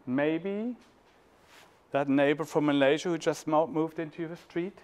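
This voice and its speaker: A man's voice: on the high side, a little slow, clear, resonant tone. A man in his fifties from Germany with a German accent, telling stories in a playful talk to an audience. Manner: playful, warm storyteller, sings snippets. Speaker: speaker at a talk. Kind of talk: storytelling talk.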